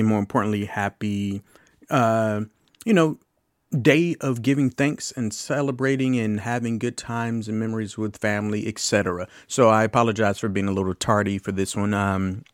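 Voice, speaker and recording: This is a late-thirties male podcast host with a fairly low voice, casually reviewing a film with loose asides and the odd swear word. The recording is studio quality, without echo.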